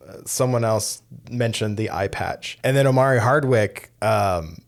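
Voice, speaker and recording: A man co-hosting a podcast, talking casually about films with lots of fillers and quick tag questions. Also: on the low side. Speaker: podcast co-host. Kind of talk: casual film discussion.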